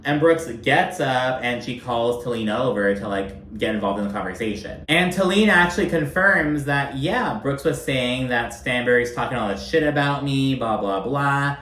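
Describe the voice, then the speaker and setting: A man's voice: medium pitch, lively intonation, moderate pace, hardly any pauses, fairly bright tone, echoey room. A man giving casual, profane commentary on a reality show, talking loosely and filling his speech with "like". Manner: profane, chatty, filler-heavy with constant "like".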